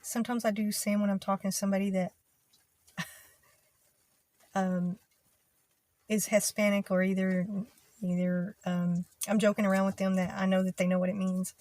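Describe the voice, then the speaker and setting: A young woman from Texas with a Texas twang, talking casually to her channel in an easygoing, rambling way with many pauses and ums. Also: mid-range voice, level tone, darkish tone, no echo. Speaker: video creator. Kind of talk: casual talk to camera.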